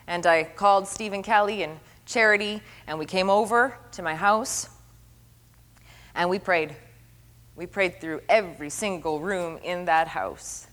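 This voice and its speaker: A middle-aged woman preacher giving an earnest sermon testimony, repeating phrases for emphasis and dropping to a hush at tender moments. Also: on the low side, a little slow. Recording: long hall reverb.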